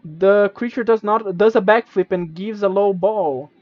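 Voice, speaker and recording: A man's voice: sits high, measured pace, no room sound, dull audio. A man streaming, reading a gamebook aloud with stumbles, restarts and casual asides. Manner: reads with stumbles and self-corrections, casual asides.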